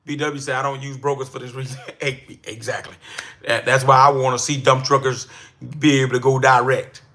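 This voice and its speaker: A man hosting a live-stream business coaching session, talking energetically to chat viewers and bursting into excited shouts. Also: mid-range voice, normal speed. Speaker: livestream host and business coach.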